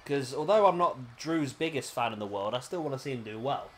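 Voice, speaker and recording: A man's voice: medium pitch, brisk, soft background music. Chatty British man commenting on a game. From Britain. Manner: chatty and rambling, with self-corrections. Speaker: gaming commentator. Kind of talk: casual play-by-play commentary.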